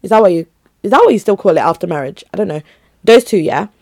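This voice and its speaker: A woman's voice: on the low side, lively intonation, quick pace, gravelly, darkish tone, no echo, studio quality. A young woman chatting casually on her own to her listeners, rambling and giggly. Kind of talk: casual solo chat to listeners.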